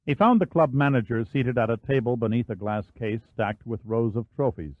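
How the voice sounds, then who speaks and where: A man with a mid-range voice narrates a thriller audiobook in a measured, even storytelling manner. The scripted narration is recorded dry, with a narrow, phone-like band.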